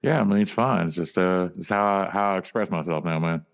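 A man with a low voice plays an improv scene in a thick, put-on Southern drawl. He drags out his words and tacks "man" onto nearly every line, in a loose, comic way. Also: brisk, gravelly. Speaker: improv player.

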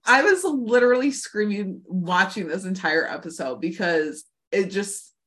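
A woman's voice: medium pitch, lively intonation, unhurried, a bit bright. A woman co-hosting a podcast, recapping a TV episode in a gushing, chatty way with lots of fillers. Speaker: podcast co-host. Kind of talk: casual chat recapping a TV episode.

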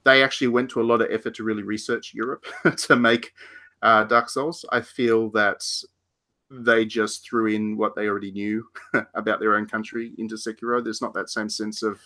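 A man co-hosting a podcast, talking loosely about games. His voice has a bright, forward tone. He rambles, restarts sentences and laughs often. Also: fairly low pitch, level tone, moderate pace. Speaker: podcast co-host. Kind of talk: casual game discussion.

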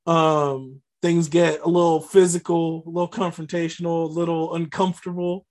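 A man's voice: fairly high pitch, level tone, normal speed, hardly any pauses, darkish tone. A man casually recapping a film plot on a podcast, rambling with lots of fillers and restarts. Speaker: podcast co-host. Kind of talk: casual movie recap chat.

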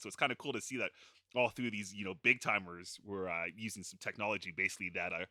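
A man's voice: on the low side, fairly even intonation, fast, bright, forceful tone, no echo, studio quality. A man on a podcast panel, telling a film anecdote in a rambling way with many fillers. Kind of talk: casual film chat.

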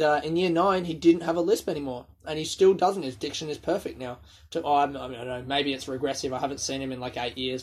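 A man's voice: a little high, darkish tone. A man, telling rambling, sweary stories on his own and laughing at his own jokes. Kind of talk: casual solo storytelling.

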